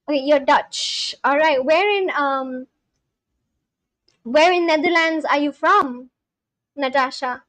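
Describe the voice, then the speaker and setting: A woman's voice: sits high, slow, pauses often, a bit bright, dry recording, poor audio. A woman live-streaming in casual chat, reading viewer comments aloud and asking them questions. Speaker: live-streamer learning a language.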